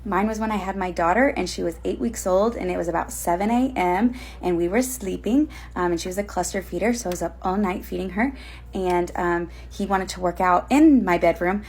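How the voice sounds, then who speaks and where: A woman telling a personal story, hesitant with many pauses. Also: lowish voice, darkish tone, slightly rough. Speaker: interviewee. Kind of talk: casual storytelling.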